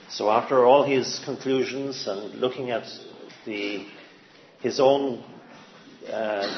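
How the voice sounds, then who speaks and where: A man giving an informal sermon, halting, with many fillers and restarts as he speaks. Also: on the low side, roomy sound, slight background noise. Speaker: lay preacher. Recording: dull lo-fi sound with faint ambience.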